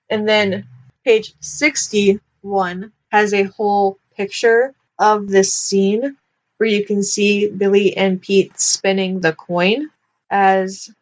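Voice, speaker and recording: A young woman giving casual commentary on a book, chatty and nitpicky, with lots of filler likes. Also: medium pitch. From United States. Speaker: book reviewer.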